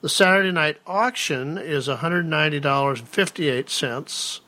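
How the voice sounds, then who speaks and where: Bright-voiced joking male co-host. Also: on the high side, normal speed. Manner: joking, playful asides. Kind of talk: casual chat reading event listings.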